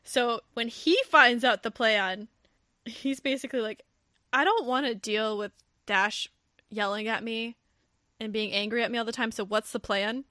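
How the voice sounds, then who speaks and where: A podcast host with a fairly high voice recaps a novel in a casual chat, speaking at a moderate pace. She tells the story with energy, acting out the characters' lines while laughing and swearing. The recording is clean studio audio with no room sound.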